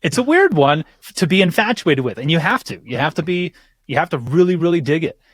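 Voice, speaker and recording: A man chatting casually as a podcast guest, telling animated stories and swearing freely. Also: a little high, a little fast, no echo, clean studio sound. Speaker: guest bass teacher.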